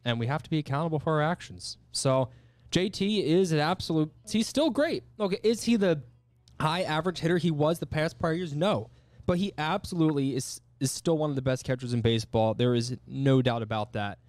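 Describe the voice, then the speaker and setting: A man's voice: fairly high pitch, brisk, darkish tone, no room sound. A man co-hosting a sports podcast, earnest and reeling off stats as he corrects himself. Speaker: podcast co-host. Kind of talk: casual sports chat and rants.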